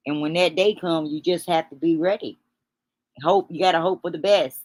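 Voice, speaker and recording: A grieving woman speaks in a low, husky-edged register, her words halting and full of restarts as she sniffles back tears. The sound is dry and close, with no room around her. She hosts a livestream and talks straight to her viewers. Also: steady tone, a little mellow, no echo. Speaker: livestream host. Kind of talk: emotional livestream talk.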